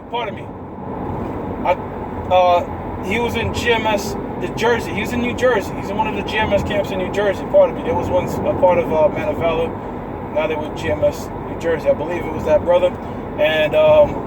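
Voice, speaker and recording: A man's voice: high-pitched, moderate pace, very noisy. A man casually telling listeners about his religious dreams and visions, rambling and addressing them as brothers, outdoors in a city. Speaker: member sharing religious testimonies. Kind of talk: casual spoken testimony to a live audience.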